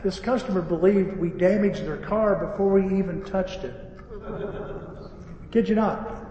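A man preaching a sermon, telling an animated story with acted-out dialogue. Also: high voice, unhurried, muffled recording, a little hiss or hum. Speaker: pastor and repair-shop owner. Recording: echoey hall, voice from far off, faint ambience.

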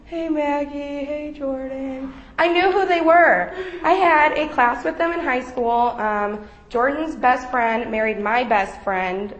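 Young woman telling her faith story, kinda high voice, lots of "like", roomy echo. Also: highs cut off. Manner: casual storytelling with many fillers. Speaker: member giving a testimony. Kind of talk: personal testimony to a group.

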